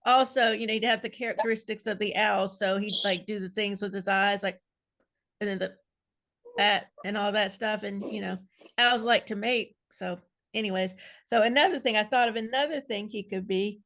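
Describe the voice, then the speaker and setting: Playful rambling woman with a gravelly edge. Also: medium pitch, fairly even intonation, normal speed, fairly bright tone. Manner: rambling, playful, chuckling asides. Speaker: fan panelist. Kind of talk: casual video-call chat.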